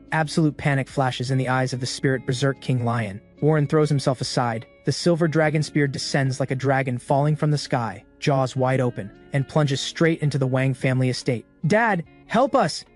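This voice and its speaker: A man narrating a comic recap in an even, dramatic storytelling voice. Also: mid-range voice. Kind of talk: scripted narration of a manhwa recap. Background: faint background music.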